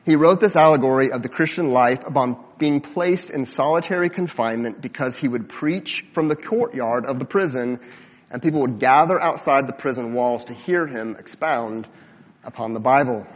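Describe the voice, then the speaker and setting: Male pastor preaching in a reverberant hall. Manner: measured preaching, slows for emphasis, drops low at phrase ends. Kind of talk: sermon. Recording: dull sound with long hall reverb.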